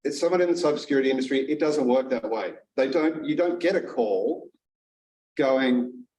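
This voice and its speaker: A man giving a humorous contest speech, with wry, deadpan asides. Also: rapid-fire. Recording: echoey hall, distant mic, faint rumble.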